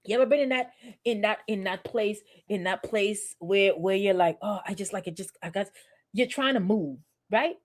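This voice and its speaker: A woman pastor with a mid-range voice delivers a conversational sermon, stacking up rhetorical questions and calling out to members of her congregation.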